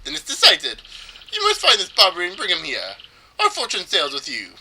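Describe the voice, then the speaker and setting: A man's voice: high voice, huge pitch swings, fairly quick, sharp tone, husky, voice pushed up, full character voice. A man voicing a vain, pompous male ship owner in a fake Spanish accent, boasting grandly while reading game text. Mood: triumphant. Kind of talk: let's play voice reading.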